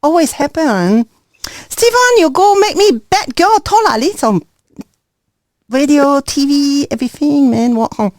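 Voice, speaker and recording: A woman's voice: high-pitched, expressive, measured pace, a little mellow, no echo, clean studio sound, pitched above the performer's own voice. A woman putting on a brash sing-song Singaporean voice. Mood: playful. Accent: Singaporean English, put on. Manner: sing-song, playful, clipped phrases.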